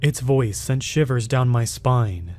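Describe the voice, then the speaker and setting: Man, middle pitch, scripted horror narration, first-person story, steady, measured delivery.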